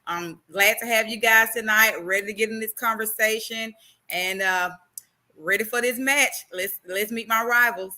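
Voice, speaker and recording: Confident, bright-voiced woman co-host. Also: a little high, normal speed. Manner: bold, confident, playful. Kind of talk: live-stream chat.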